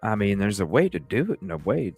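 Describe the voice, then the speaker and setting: A man's voice: on the low side, brisk, husky, dry recording, soft background music. Guy ranting on his stream, swears a lot, voice jumps all over, dry close sound. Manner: rambling, profane, animated storytelling. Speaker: livestream host. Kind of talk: casual livestream talk.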